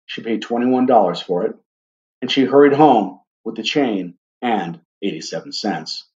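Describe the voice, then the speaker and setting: A man reading a story aloud in a gentle, deliberate way, speaking now and then to his listeners. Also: fairly low pitch, dull audio. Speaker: reader.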